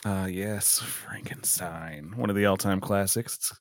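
A man's voice: low voice, steady tone, slow pace, dry recording. A man co-hosting a casual comedic podcast, joking and laughing easily. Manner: jokey, giggly, playful. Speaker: podcast co-host.

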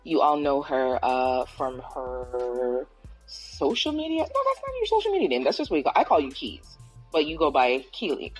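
A woman's voice: a bass voice, big pitch swings, normal speed, soft background music, rough recording. A woman from Toronto hosting a casual podcast chat, playful and loose, dropping Caribbean slang. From Toronto, Canada. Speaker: podcast host.

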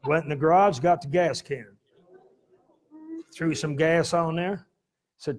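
A middle-aged pastor telling a folksy, laughing story in a sermon, with sudden loud bursts. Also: male voice, a little high, unhurried, pauses often, slight background noise.

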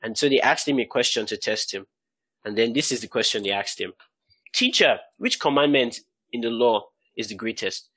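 Husky-voiced man teaching the Bible. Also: medium pitch, normal speed, no echo. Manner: lively, laughs often, stresses words for emphasis.

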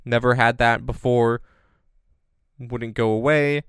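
Smooth-voiced man, jokey rambling podcast host. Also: mid-range voice, slow pace, no echo, clean studio sound. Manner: jokey, rambling, deadpan asides. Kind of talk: casual chat. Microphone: remote recording on separate devices.

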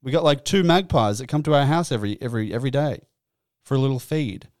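A man in his young adult years hosts a comedic podcast with animated, exasperated storytelling and plenty of swearing. His mid-pitched voice sounds close and dry, with no room echo. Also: fast. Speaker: podcast host. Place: indoors.

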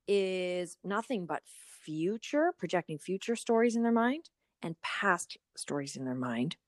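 A woman in her thirties co-hosting a podcast, chatting casually and telling animated stories. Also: lowish voice, measured pace, no room sound, clean studio sound. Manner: animated storytelling, acts out inner voices. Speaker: podcast co-host. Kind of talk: casual chat.

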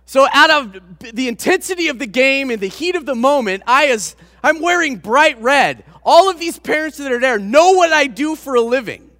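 A man preaching, a pastor telling a personal story to his congregation with animated, self-deprecating humor. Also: extremely high pitch, moderate pace, few pauses, dry recording, clean studio sound, long reverb tail. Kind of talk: storytelling sermon.

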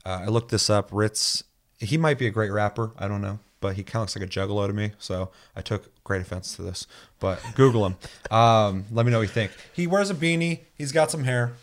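A man's voice: fairly low pitch, a little fast. A young man hosting a podcast in casual chat, reading out listener comments, loose and profane, laughing easily. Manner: loose and profane, laughs often, animated when telling stories. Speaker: podcast host.

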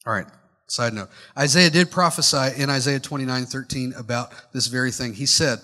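A man's voice: mid-range voice, fairly quick, pushed and bright. A male pastor delivering a sermon, speaking conversationally with wry asides and putting questions straight to his congregation. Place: church sanctuary. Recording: long hall reverb from church sanctuary.

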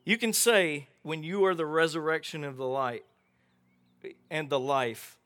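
Slow, lively middle-aged male preacher. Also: a little high. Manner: animated preaching, acting out voices in Bible stories. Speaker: pastor. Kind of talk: sermon. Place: outdoor gathering without a building.

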